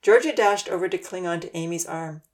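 A woman narrating a children's storybook aloud in a steady, gentle way. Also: fairly low pitch, fairly quick.

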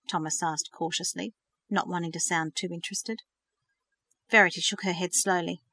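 A woman narrating a novel in an expressive storytelling manner. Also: on the low side, a little fast, no echo, studio quality. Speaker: audiobook narrator. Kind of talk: scripted narration.

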